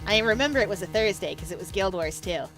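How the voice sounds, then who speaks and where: A woman's voice: mid-range voice, animated, quick pace, fairly bright tone, faint music behind. A young woman streaming a game, chatting casually and rambling through stories with frequent laughs. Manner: chatty, rambling storyteller who laughs often. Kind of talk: casual livestream chat over gameplay.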